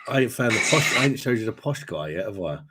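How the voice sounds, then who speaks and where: Deep-voiced, chatty man. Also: animated, fast, heavy background noise. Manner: chatty, swears, laughs a lot. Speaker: host. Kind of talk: casual livestream chat.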